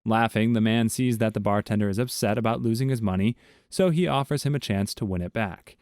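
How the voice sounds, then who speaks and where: A man's voice: on the low side, a little fast, darkish tone, no room sound. Man reading jokes, dry close sound. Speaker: narrator. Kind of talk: scripted joke narration.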